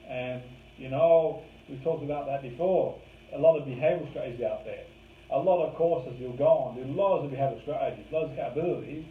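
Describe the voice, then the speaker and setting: A man's voice: mid-range voice, fairly quick. A man teaching a live course in a conversational way, leaning on key words to make his points. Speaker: course trainer. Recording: roomy, distant, phone-like lo-fi with faint hiss.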